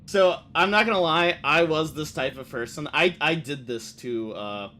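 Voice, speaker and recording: A man's voice: fairly high pitch, normal speed, bright, forceful tone, a little hiss or hum. A man streaming a game, chatting loosely with plenty of swearing as he reacts to what he reads on screen. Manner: loose, profane, reacts aloud while reading. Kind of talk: let's play gaming commentary.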